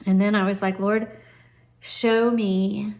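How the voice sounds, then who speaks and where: A woman's voice: medium pitch, little pitch movement, slow pace, a little mellow. A middle-aged woman telling a personal faith story in a chatty, earnest way, with frequent ums and restarts. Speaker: Christian vlogger. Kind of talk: personal testimony, casual storytelling.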